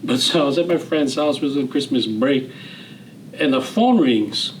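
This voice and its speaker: A man's voice: mid-range voice, moderate pace, slight background noise, low-quality recording. Hawaiian-accented man telling stories. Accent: Hawaiian Pidgin-tinged English. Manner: relaxed, rambling, frequent fillers and restarts, chuckles. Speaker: interview guest, retired general. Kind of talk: casual storytelling interview.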